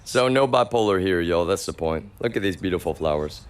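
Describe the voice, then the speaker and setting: Guy with a real low voice venting on stream, worked up, keeps saying y'all. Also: lively intonation, a little fast, clean tone. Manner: agitated, repetitive, swears often, calls listeners y'all. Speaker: livestreamer. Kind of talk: ranting monologue to a live chat.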